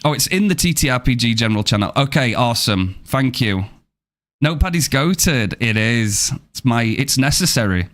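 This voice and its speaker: A man's voice: medium pitch, lively intonation, normal speed, a bit bright. Upbeat man chatting on a game stream. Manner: upbeat, thanks viewers and reads chat aloud. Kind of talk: casual live-stream chat.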